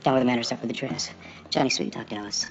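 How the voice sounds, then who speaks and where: A man's voice: medium pitch, fairly even intonation, quick pace, vocal fry, a little hiss or hum, natural voice. An actor playing a sly, mocking card-playing boss who toys with a man who owes him money, in a film. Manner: sly, mocking, rambling, wordplay. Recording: dull film soundtrack with faint music.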